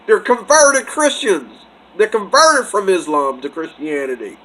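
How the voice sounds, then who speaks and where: A man's voice: high voice, lively intonation, takes it slowly, pauses often, bright, forceful tone, poor audio. A man vlogging in a casual preaching monologue, rambling, restarting phrases and breaking into laughter. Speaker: religious vlogger.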